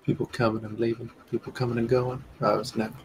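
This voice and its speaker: A man's voice: medium pitch, flat delivery, fast talker, a little hiss or hum. A man in casual chat, joking in a dry, skeptical way.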